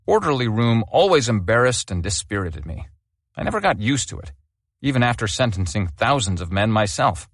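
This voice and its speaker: A man reading a memoir aloud as an audiobook narrator, with expressive storytelling delivery. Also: lowish voice, moderate pace, dry recording, studio quality.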